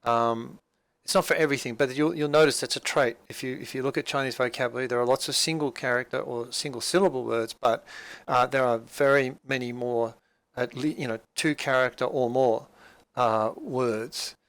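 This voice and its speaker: A man's voice: mid-range voice, steady tone, moderate pace, fairly bright tone, no room sound. A man teaching a language class, explaining a dialogue patiently with frequent fillers and restarts.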